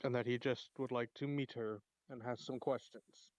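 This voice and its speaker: A man describes his character's moves in a tabletop role-playing game, often pausing on fillers as he thinks. The recording is dry and a little dull, as from a home mic. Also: medium pitch, steady tone, a little mellow, no echo. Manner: hesitant, with many fillers. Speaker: player.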